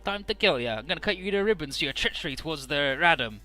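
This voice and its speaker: A man's voice: fairly high pitch, expressive, fast, sharp tone, faint music behind. A man voicing a gloating male cyborg villain who taunts and cackles, for a game. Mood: menacing.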